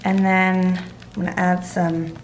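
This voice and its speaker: A woman's voice: lowish voice, flat delivery, a little slow. A woman hosting a casual cooking vlog at home, chatting through each step as she cooks in her kitchen. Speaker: vlog host. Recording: roomy kitchen with faint noise.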